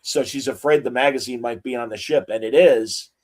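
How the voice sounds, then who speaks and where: Sick guy w the flu, stuffy, rambling podcast chat, lots of uhs. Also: medium pitch. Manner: rambling, halting storyteller with many "uh"s. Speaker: podcast co-host. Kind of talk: casual chat.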